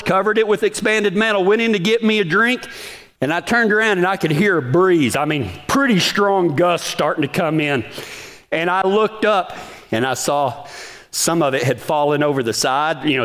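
A man's voice: sits high, a bit bright. A man telling a folksy story in a sermon, often asking the audience questions. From Texas.

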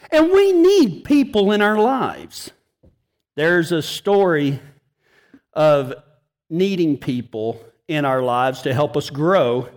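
A man's voice: high-pitched, a little mellow. A man preaching a sermon, telling folksy, joking stories and laughing at his own punchlines. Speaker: pastor. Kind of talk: storytelling sermon.

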